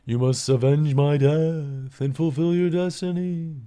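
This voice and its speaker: A man doing a high, grand spirit mentor. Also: steady tone, warm tone, close to an everyday voice. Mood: solemn. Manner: slow, grand, drawn-out proclamations. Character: solemn ghostly male mentor giving a prophecy.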